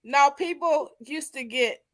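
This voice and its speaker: A woman with a high voice chats casually and slowly on a livestream. She's playful, laughs often, and acts out what people said.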